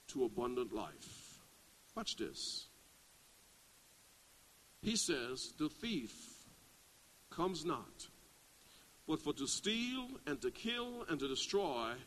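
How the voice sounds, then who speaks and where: Animated preaching man with lively pitch. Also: rough recording. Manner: animated preaching, swings from hushed to loud rising exclamations. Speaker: pastor. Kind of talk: sermon.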